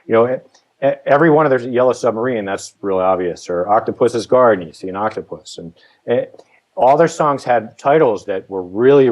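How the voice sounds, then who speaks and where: Man, lowish voice, casual songwriting chat, rambling conversational delivery. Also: rough recording. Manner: relaxed, rambling with restarts and fillers. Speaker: songwriting guest.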